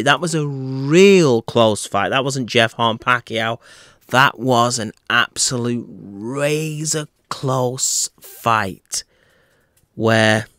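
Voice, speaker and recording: A man's voice: mid-range voice, a bit bright, clean tone, dry recording, studio quality. A man hosting his own boxing talk channel, giving a casual, wry opinion piece on an upcoming fight, speaking in a put-on accent with playful theatrical asides. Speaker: boxing commentator and channel host.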